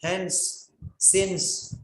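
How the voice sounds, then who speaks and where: A man's voice: high voice, little pitch movement, extremely slow. A man teaching an English writing class, giving a lecture and drilling instructions by repeating them again and again. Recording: echoey room.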